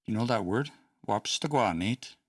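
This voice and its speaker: A man's voice: fairly low pitch, lively intonation, normal speed, no echo, recorded from a distance. A man hosting a casual study session, thinking aloud with hesitant restarts and small chuckles. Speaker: host studying a language.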